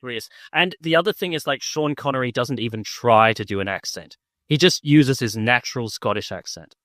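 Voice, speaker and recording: A man's voice: mid-range voice, moderate pace, fairly bright tone, dry recording. Male podcast co-host with a mid-range voice, an easygoing rambling delivery and a dry recording. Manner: rambling, full of "like" and restarts, enthusiastic. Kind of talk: casual film-review chat.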